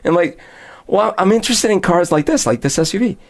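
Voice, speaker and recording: Animated man telling a story. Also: sits high, fast talker. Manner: animated storyteller, acts out both sides of dialogue. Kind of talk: casual chat.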